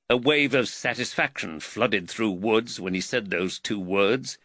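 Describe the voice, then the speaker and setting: A man narrating an audiobook in an expressive, measured storytelling manner. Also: on the low side, no echo. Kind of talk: scripted narration.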